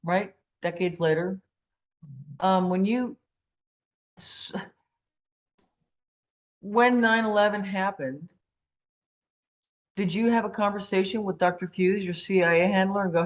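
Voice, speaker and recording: A woman's voice: medium pitch, steady tone, measured pace, long pauses. A woman hosting an interview, asking probing questions in a conversational way. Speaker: interview host.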